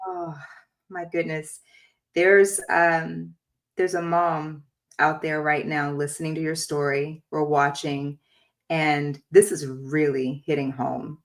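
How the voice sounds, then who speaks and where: A woman hosting a podcast interview with a notably low-pitched voice. She is sympathetic and keeps the talk going with short affirming replies. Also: level tone, slow pace. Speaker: podcast host. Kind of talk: interview conversation.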